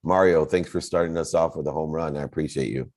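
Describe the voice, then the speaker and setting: A man's voice: a bass voice, quick pace, darkish tone. A man hosting a motivational talk show, speaking in an encouraging, reflective way. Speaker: host.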